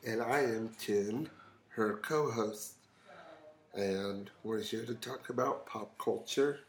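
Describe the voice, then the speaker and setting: A man's voice: on the low side, takes it slowly, reverberant. A man co-hosting a podcast in casual chat, mostly giving brief agreeing replies. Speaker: podcast co-host.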